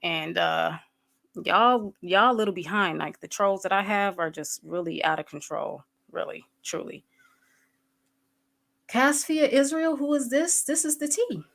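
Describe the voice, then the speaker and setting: A woman talks frankly to her livestream audience, her voice pitched in an ordinary middle range. She speaks candidly and stops now and then to greet viewers in the chat. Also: animated, measured pace, creaky, fairly bright tone. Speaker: livestream host.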